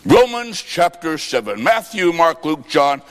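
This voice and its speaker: A man preaching a folksy sermon, telling stories with quoted dialogue and bursting into shouts. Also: fairly high pitch, sing-song, a little slow, smooth, big-room sound.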